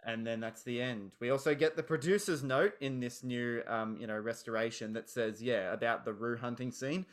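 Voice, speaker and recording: A man's voice: medium pitch, fairly even intonation, normal speed. A man hosting a casual film podcast, talking enthusiastically and rambling. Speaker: podcast host.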